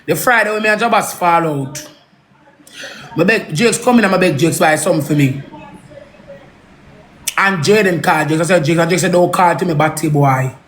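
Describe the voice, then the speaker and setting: A woman's voice: fairly low pitch, normal speed, pauses often, slight background noise. A woman with a Jamaican accent, ranting angrily, swearing and repeating herself in a heated live rant. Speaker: social media personality.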